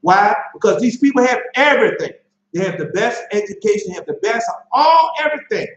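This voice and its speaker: Male preacher, high voice, reads scripture then preaches hard, shouting rhetorical questions; roomy, echoing sound. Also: animated, a little fast, muffled recording. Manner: emphatic, rises to shouts, asks rhetorical questions. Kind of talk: sermon reading scripture with commentary.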